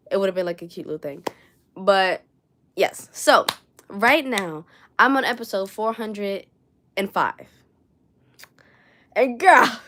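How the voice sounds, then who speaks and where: A woman's voice: medium pitch, a bit bright, a little hiss or hum. A young woman with a New York accent, chatting casually and rambling on a crochet livestream from her room at home, swearing now and then and reading viewer comments aloud. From New York City.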